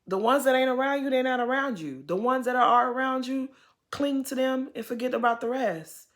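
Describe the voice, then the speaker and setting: A woman giving a casual, expressive recap of a reality TV episode, speaking straight to the people on screen. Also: high-pitched, normal speed. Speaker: TV recap host.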